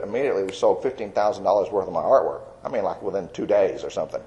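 A man's voice: low voice, racing, hardly any pauses, dark tone, low-quality recording. An older man tells his faith testimony in a folksy, rambling way, full of fillers. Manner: folksy storyteller with many fillers. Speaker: Christian artist telling his testimony. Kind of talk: personal testimony.

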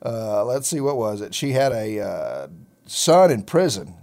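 A man's voice: fairly low pitch, sing-song, measured pace, creaky, a little mellow. A middle-aged man hosting a ministry talk show, telling a personal faith story in a folksy, rambling way with many fillers. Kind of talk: casual storytelling chat.

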